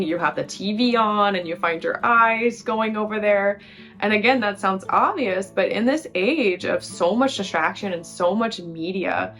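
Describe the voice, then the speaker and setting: A woman's voice: mid-range voice, fairly bright tone. A woman hosting a relationship-advice video, explaining points conversationally to the camera and often asking rhetorical questions. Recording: faint guitar music behind.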